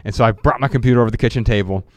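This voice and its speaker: A middle-aged man co-hosting a podcast, chatting and reading his own writing aloud with lively storytelling. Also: mid-range voice, racing, dry recording. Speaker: podcast co-host.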